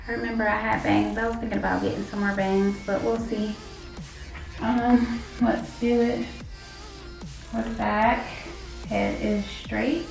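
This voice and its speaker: Slow-talking woman vlogger, echoey room. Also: on the high side, creaky, darkish tone, recorded from a distance. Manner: chatty, addresses viewers as y'all. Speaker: beauty vlogger. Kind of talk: casual hair tutorial vlog. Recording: echoey room with faint music.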